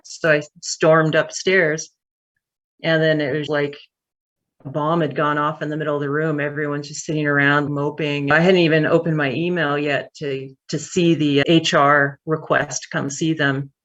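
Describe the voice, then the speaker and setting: A woman who runs a tech company, telling a story in an interview, candid and animated, with fillers. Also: low-pitched, normal speed, dull audio.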